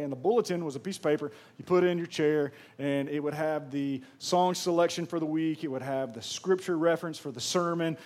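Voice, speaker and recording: A man's voice: fairly high pitch, darkish tone. A man from Mississippi with a Southern accent, a pastor preaching a sermon in a chatty, joking way and talking straight to the congregation. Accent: Southern American. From Pearl, Mississippi. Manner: jokey, chatty, addresses the crowd directly.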